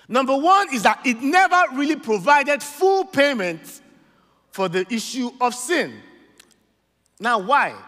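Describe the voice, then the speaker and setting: A man's voice: extremely high pitch, sharp tone, in a large hall. A man with a Nigerian accent preaching a sermon, emphatic and often asking the congregation "amen?". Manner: emphatic call-and-response preaching, frequent "amen?".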